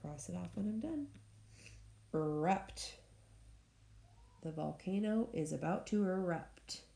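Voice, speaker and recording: A woman teacher leading a recorded phonics lesson for young students, speaking slowly and clearly and cheering them on as she sounds out words. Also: fairly low pitch, dark tone. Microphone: tablet screen recording. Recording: echoey room with faint noise.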